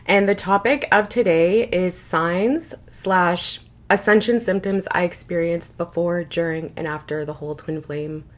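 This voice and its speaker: Earnest young woman vlogging, lowish voice. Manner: earnest, rambling, frequent "like" fillers. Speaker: spiritual vlogger. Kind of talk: casual personal vlog.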